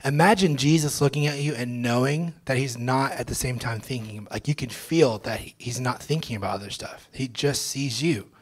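A young man, a pastor, telling his testimony to a church congregation in a casual, slangy way, at times breaking into loud joyful shouts. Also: medium pitch, moderate pace, few pauses, slightly rough. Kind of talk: testimony sermon. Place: church sanctuary.

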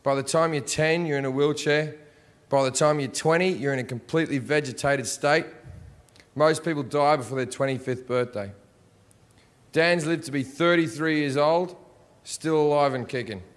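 Blunt Australian man, high voice. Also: moderate pace. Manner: blunt, profane, deadpan delivery. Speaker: stand-up comedian. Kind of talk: stand-up comedy set. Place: comedy stage before an audience.

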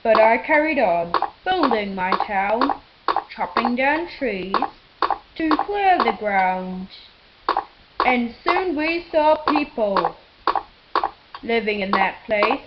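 A woman's voice: fairly high pitch, lively intonation, slow pace, lo-fi sound, heavy background noise. Woman narrating as a boastful tree-chopping builder. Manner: boastful, sing-song rhyming. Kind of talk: rhyming storybook narration.

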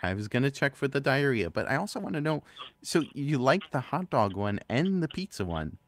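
A man's voice: mid-range voice, sing-song, dry recording. Hesitant man in a dry room. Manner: halting, restarts his questions. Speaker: stream co-host. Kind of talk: casual chat.

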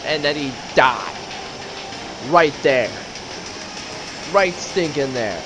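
A man commenting on a video game he is playing, joking, muttering quietly to himself, then bursting out loud. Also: on the high side, unhurried, long pauses, noisy background. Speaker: let's play commentator. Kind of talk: gameplay commentary. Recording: loud game music behind.

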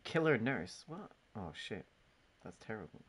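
A man's voice: lowish voice, big pitch swings, measured pace, a bit bright, breathy edge. A man casually chatting on a gaming live stream, joking, swearing and laughing often as he banters with friends and chat.

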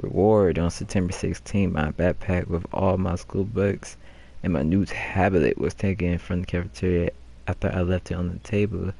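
A man's voice: low-pitched, steady tone, moderate pace, gravelly, mellow. A man streaming a video game, casually reading posters aloud and joking and laughing at them. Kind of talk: casual let's-play commentary.

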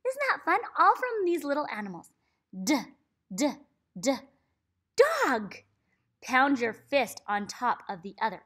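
A woman reads a picture book aloud to young children, sounding out each letter slowly and cheering every word. Her high, clear voice leaps up and down with animated excitement. She gasps and praises like a warm-hearted teacher. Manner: big excited praise, gasps and swoops up in pitch. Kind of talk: read-aloud phonics lesson for kids.

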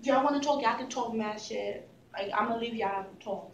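A woman's voice: a little high, a little fast, reverberant, far from the mic, heavy background noise, close to an everyday voice. A young woman voicing a sulky, defensive teenage schoolgirl who mutters and swears.

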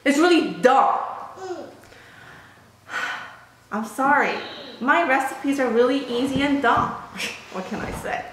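A woman's voice: sits high, slow, a bit bright. A woman hosting a casual home cooking vlog for her channel. She talks in a playful, chatty, self-mocking way and laughs often. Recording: very echoey room with clicking noise.

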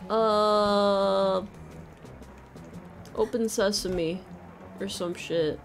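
Woman streamer, high voice, unhurried, jokey gameplay chat, swearing, game music behind. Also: expressive. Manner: jokey, swears, yelps and laughs in panic. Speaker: streamer playing a video game. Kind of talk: casual gameplay commentary.

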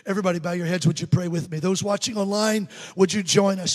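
A man's voice: sits high, steady tone, fast talker, few pauses, big-room sound. A male evangelist preaching a fervent sermon and leading prayer in a large church sanctuary. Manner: fervent preaching, leads the congregation in responses.

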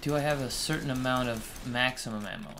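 A man's voice: mid-range voice, a little fast, noisy background. A man casually commenting on a game he's playing with friends, laid-back and swearing when startled. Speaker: let's play host.

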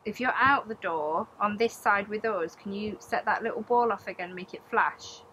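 A woman's voice: mid-range voice, normal speed, bright, forceful tone, slight background noise. A woman, a paranormal investigator, chatting casually and questioning spirits directly. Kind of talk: casual on-location chat.

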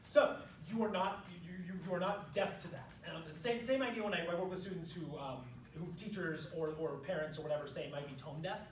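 A man's voice: high-pitched, brisk, few pauses, slight background noise. Man lecturing in an echoey hall. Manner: explains step by step, demonstrating on piano. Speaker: music education workshop presenter. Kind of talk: workshop lecture. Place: large room at a professional development session. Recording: echoey room, distant mic, piano.

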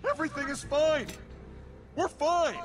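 A man's voice: extremely high pitch, a little slow. A man voicing a whiny, arrogant male corporate schemer in a video game, talking in a pleading and indignant way.

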